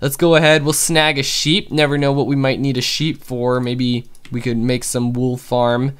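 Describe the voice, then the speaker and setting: A young man chatting casually through gameplay commentary, excitable and full of fillers. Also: mid-range voice, normal speed, clear, resonant tone. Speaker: gaming YouTuber.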